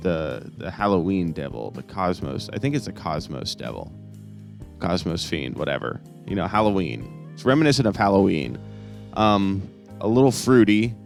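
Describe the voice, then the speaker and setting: A man's voice: sits low, vocal fry. A young man hosting a casual comic review podcast, rambling along with sarcastic asides. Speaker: host.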